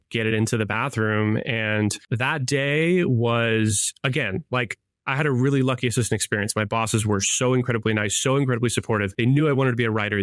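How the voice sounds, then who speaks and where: A man's voice: mid-range voice, a bit bright, no room sound, studio quality. Chatty man rambling through a story. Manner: chatty, rambling with many fillers and self-corrections. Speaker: podcast co-host. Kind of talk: casual conversational storytelling.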